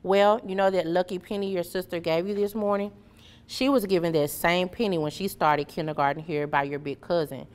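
Woman reading as Captain Love, gentle caped hero. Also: on the low side, fairly even intonation, a little fast, clear, resonant tone, close to an everyday voice. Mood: reassuring. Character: kind caped male superhero, gentle and reassuring.

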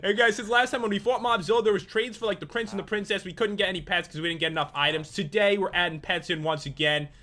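A young man with a high, bright voice chats casually over a game. He jokes, rambles and leans on fillers as he explains the rules. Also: steady tone, quick pace, hardly any pauses. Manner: joking, rambling with many fillers. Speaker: gaming video host. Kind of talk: casual gaming commentary.

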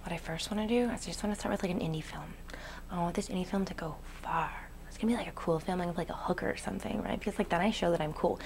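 A woman's voice: on the low side, racing, gravelly, a little hiss or hum. A woman playing a ditzy daydreaming actress. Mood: rambling. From Canada. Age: 20s. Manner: rambling, full of "like" fillers, flips between hushed whispers and excited outbursts. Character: ditzy, daydreaming young woman, dreamy and naive. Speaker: aspiring actress. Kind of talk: comedic web series monologue.

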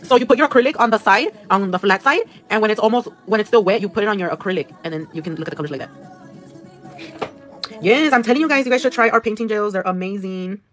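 A woman's voice: mid-range voice, fast talker, a bit bright. Chatty woman livestreaming her nail work. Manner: chatty, swears casually, mixes in Spanish, reads viewer comments aloud. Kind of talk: casual livestream chat while working. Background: music playing.

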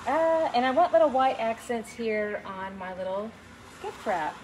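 A middle-aged woman with a fairly high voice, leading a live painting lesson. She talks gently and chattily through each brushstroke and greets viewers by name. A faint hum of room noise sits behind her. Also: animated, unhurried, low-quality recording. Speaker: painting instructor. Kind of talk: live online painting class.

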